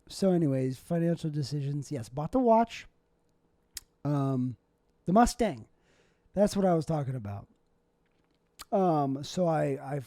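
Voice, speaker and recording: Young male comic hosting a solo podcast, rambling and self-deprecating, mellow tone, dry close sound. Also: on the high side, no echo. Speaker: podcast host and stand-up comic. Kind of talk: casual solo podcast monologue.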